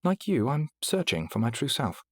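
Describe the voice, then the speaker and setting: A man's voice: mid-range voice, big pitch swings, moderate pace, slightly rough, dry recording, pitched above the performer's own voice. A man voicing a refined, polite female AI companion with a British accent and precise, proper diction in an audiobook. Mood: courteous, poised. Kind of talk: audiobook character voice.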